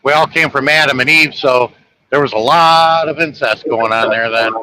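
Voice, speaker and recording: A man's voice: mid-range voice, moderate pace, pushed and bright, a little hiss or hum, poor audio. A man chatting casually on a live stream, laid-back and opinionated. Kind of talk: casual chat.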